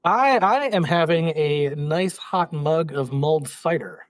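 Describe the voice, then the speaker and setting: A man, a podcast guest, explaining his hobby project in a modest, measured way. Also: fairly high pitch, lively intonation. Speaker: podcast guest, cube designer. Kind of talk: casual podcast interview.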